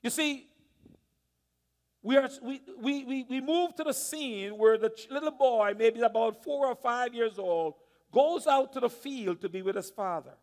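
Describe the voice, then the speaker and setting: A male pastor preaching a sermon, telling a story dramatically, dropping to a hush and then rising loud. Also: very high voice, measured pace. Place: church sanctuary. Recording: long church reverb.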